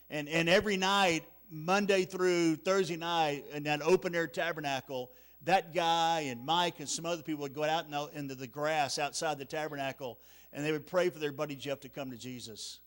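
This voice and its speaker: A man preaching at a church revival, telling a story with emotion, often repeating words and dropping very quiet at the sad parts. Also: fairly high pitch, steady tone, moderate pace. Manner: emotional, repeats words, drops to near-whisper at sad moments. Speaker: evangelist. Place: church sanctuary.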